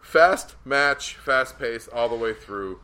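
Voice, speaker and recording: Profane, excitable podcast co-host man. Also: mid-range voice, slow. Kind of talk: casual wrestling chat.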